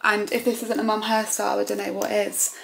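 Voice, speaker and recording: A woman's voice: medium pitch, level tone, a little fast, vocal fry, fairly bright tone. A woman, chatting casually as she vlogs in her kitchen, rambling and filling gaps with "like" and "um". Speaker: vlogger. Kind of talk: casual vlog chat. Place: home kitchen. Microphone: camera mic.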